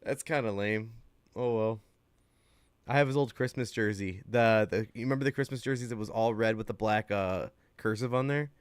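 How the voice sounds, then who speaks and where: A man co-hosting a sports betting podcast in casual chat, loud and profane, laughing often. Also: fairly low pitch, moderate pace, clean tone, no room sound, clean studio sound. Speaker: podcast co-host.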